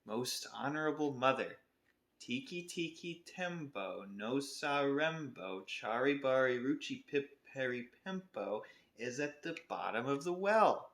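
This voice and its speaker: A man's voice: a little high, animated, normal speed, pushed and bright, pitched above the performer's own voice. Man doing a breathless anxious little boy. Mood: pleading. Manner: breathless, urgent pleading. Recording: roomy echo.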